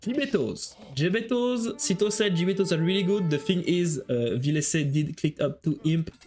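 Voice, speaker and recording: A man giving live esports commentary, excitable and joking as he jumps between calling the play and chatting with viewers. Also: sits high, moderate pace. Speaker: esports caster.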